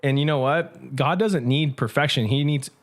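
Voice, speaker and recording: A man who is a pastor, telling his story in an energetic, conversational interview. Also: mid-range voice. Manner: energetic, quick, with restarts. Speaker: pastor and guest.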